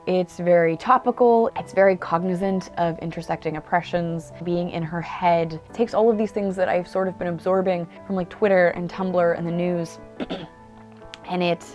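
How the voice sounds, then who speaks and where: A book vlogger with a lowish, darkish-toned voice talks casually about books she's read, chatty and enthusiastic with lots of "like" and "um." It's a home-recorded monologue captured on a camera mic indoors.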